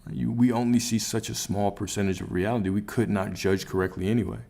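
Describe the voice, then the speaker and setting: A man's voice: on the low side, fairly even intonation, fairly quick, vocal fry, mellow. A man giving a motivational spiritual coaching talk on a livestream, emphatic and repetitive, often checking in with "right?".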